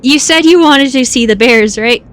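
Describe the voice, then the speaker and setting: A woman's voice: high-pitched, moderate pace. A woman streaming a game, chatting casually with viewers, giggling often and hiccupping. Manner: giggly, laughs often between lines. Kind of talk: casual live-stream chat while gaming.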